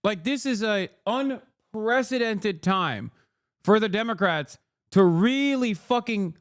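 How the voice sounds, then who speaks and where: A man's voice: very high-pitched, no room sound, studio quality. A man hosting a live stream, reacting to clips with exasperated, profane ranting. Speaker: streamer host.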